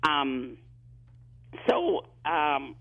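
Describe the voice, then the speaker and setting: A psychic medium talks extremely slowly in a voice on the high side with big pitch swings. During a phone-in interview over a tinny line, he tells stories, frequently repeating himself and restarting sentences.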